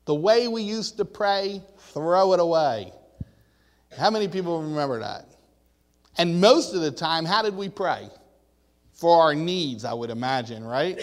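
A man delivers a sermon in a slightly higher voice. He talks like he is telling stories to friends and keeps putting questions to the room. His words ring out in a big, echoing hall. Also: lively intonation, measured pace. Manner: conversational, storytelling preaching that asks the crowd questions. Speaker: preacher.

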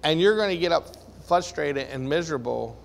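Earnest high-voiced preacher in a reverberant hall. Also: male voice, moderate pace, creaky, slight background noise. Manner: earnest, rhetorical questions, animated rises. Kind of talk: sermon. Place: room with listeners.

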